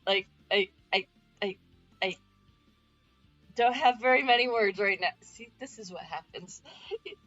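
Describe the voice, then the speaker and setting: A woman streamer chatting live with viewers, excited, stammering and repeating exclamations. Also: medium pitch, measured pace, long pauses, dull audio, soft background music.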